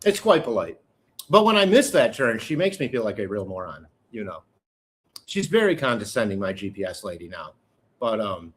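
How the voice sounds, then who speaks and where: A middle-aged man hosting a casual live chat with viewers, talking in a rambling, candid way with joking asides. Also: on the low side. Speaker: livestream host.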